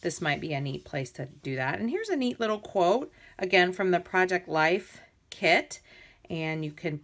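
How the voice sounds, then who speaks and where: A woman's voice: fairly low pitch, very animated, moderate pace, a bit bright. Chatty woman showing off a craft album. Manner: chatty and enthusiastic, with fillers and restarts. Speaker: crafter demonstrating a scrapbook album. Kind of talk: casual show-and-tell tutorial.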